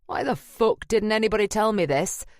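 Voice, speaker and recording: A woman narrating an audiobook, voicing a gruff, blunt older male painter. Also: on the high side, normal speed, no echo, clean studio sound, natural voice. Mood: angry. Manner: curt and blunt.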